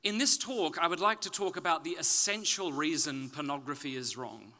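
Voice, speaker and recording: A man from Australia with a softened Australian accent gives a public talk at a conference, with wry, self-deprecating humor. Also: on the high side, moderate pace. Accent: Australian, softened toward British. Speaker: conference speaker. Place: conference stage.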